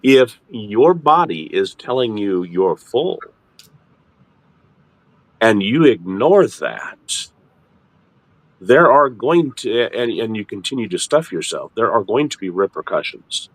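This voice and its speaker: A middle-aged man hosting a casual ministry chat, explaining in a lively, halting way with frequent restarts. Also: dry recording. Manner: animated, repeats and restarts words, jumps into high mock voices. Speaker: ministry host.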